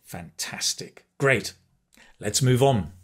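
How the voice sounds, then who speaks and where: A man teaching a beginner language lesson, speaking slowly and carefully and pausing so learners can repeat phrases. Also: mid-range voice, sing-song, fairly bright tone, husky. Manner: slow, careful, encouraging, pauses for repetition; switches between English and Spanish phrases. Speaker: Spanish teacher.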